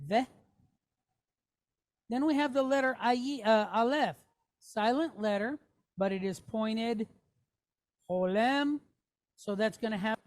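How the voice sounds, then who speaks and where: Slow, patient woman teaching a class. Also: a little high. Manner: patient, checks in with "okay?" and questions to the class. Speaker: Hebrew teacher. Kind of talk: classroom lesson.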